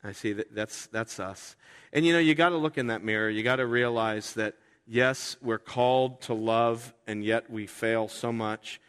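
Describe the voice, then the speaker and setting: A man preaching a sermon as pastor, talking in a conversational way and acting out quoted voices with sudden jumps in pitch. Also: normal speed, a bit bright, clear, resonant tone. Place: church sanctuary. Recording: reverberant hall.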